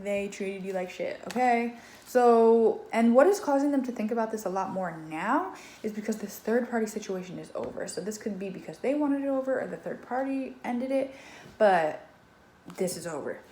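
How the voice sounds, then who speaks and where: A woman with a mid-range, slightly mellow voice gives a casual tarot reading straight to the viewer, loose and conversational, with lots of swearing and fillers. The room is echoey, with faint background noise.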